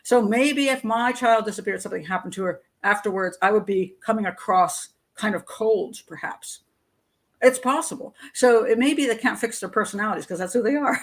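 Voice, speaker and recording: A woman's voice: mid-range voice, brisk. A middle-aged woman hosting a live stream, talking bluntly in a conversational way, reading out chat comments and laughing often. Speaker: host.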